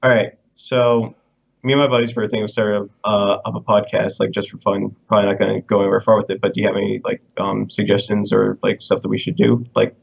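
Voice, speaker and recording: A man's voice: lowish voice, flat delivery, fast, creaky, slightly rough. A young man calling in to a live stream, talking hesitantly with many ums and likes, over lo-fi call audio. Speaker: caller. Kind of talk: casual call-in chat.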